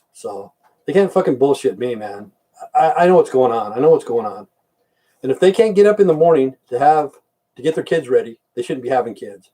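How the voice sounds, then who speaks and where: Older male streamer, dark mellow voice, cussing, rambling, blunt. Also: medium pitch, breathy edge, distant mic. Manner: blunt, profane, rambling rants. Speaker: livestream host. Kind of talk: casual livestream chat.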